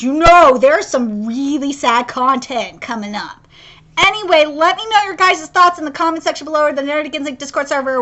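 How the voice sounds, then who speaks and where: A young woman reacting live to an anime episode, bursting with excitement and cursing freely. Her voice sits very high and rings bright and forceful. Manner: gushing, excitable, swears often. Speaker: anime reaction channel host.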